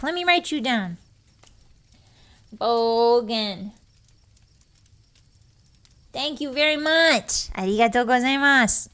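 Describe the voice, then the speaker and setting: A young woman hosts a relaxed livestream in a bright, high voice. She is giggly and playful, and she thanks her viewers warmly while trying not to cry. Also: takes it slowly, pauses often. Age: young adult. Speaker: virtual streamer. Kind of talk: casual livestream chat.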